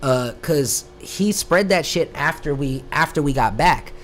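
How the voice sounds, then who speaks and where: A young man from Florida, a rapper hosting a live stream, telling stories in casual chat with a lively, profane delivery. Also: a little high, a little hiss or hum. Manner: animated, profane, drawn-out "bro" asides.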